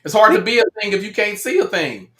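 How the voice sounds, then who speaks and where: A man's voice: high-pitched, sing-song, quick pace, fairly bright tone. A man in a casual panel chat who talks playfully and teases the others. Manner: playful, teasing. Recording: echoey room audio.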